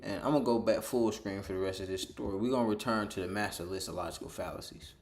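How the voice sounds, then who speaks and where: Male storyteller, casual rambling monologue, lively delivery, reverberant room. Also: on the low side, fast. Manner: rambling, animated, acts out quoted dialogue. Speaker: storyteller vlogger.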